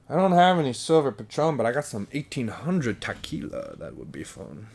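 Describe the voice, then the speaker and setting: A man's voice: mid-range voice, sing-song, moderate pace, gravelly, hardly any pauses, darkish tone, slightly rough, dry recording. A man hosting a solo podcast, rambling in a meandering, profane stream of consciousness. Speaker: podcast host.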